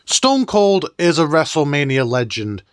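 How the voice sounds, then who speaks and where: A man's voice: on the high side, sing-song, measured pace, clean tone, no room sound, clean studio sound, faint music behind. A man hosting a nostalgic countdown video in an enthusiastic, chatty way. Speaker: host.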